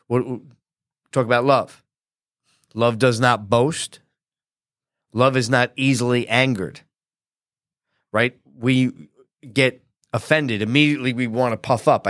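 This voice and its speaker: A man's voice: mid-range voice, dry recording, clean studio sound. A man, a pastor, preaching a conversational sermon and often checking in with his listeners through tag questions. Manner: animated acted-out quotes.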